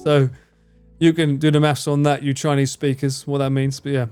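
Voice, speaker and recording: A man's voice: mid-range voice, flat delivery, moderate pace, a little mellow, smooth, faint music behind. A man in casual live-stream chat, rambling, swearing freely and laughing often as he answers his chat. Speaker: livestreamer.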